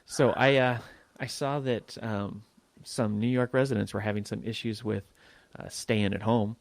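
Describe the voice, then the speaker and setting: Man, podcast co-host, crude sarcastic jokes, gravelly, dry sound. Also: on the low side, steady tone, moderate pace, no echo. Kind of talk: casual chat. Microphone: new microphone.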